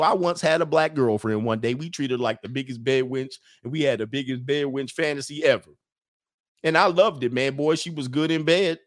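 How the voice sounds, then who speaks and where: A man's voice: mid-range voice, dry recording, clean studio sound, close to an everyday voice. A man doing a drunk, boastful Mississippi redneck. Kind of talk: comedic impression in a livestream rant.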